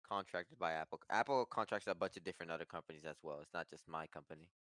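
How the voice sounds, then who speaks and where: Deep-voiced man, blunt and offhand. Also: fast talker, fairly bright tone. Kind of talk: casual podcast chat.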